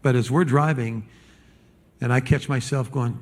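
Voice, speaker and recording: A man preaching a sermon as pastor, animated and conversational, stumbling over repeated words and acting out the people he quotes. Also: mid-range voice, unhurried, creaky, pauses often, slightly rough.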